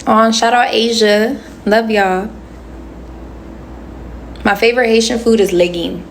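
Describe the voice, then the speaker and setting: A woman's voice: a little high, steady tone, unhurried, slight background noise. A young woman in her twenties hosting a casual livestream, chatting and answering comments with slangy asides into a phone. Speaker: livestream host.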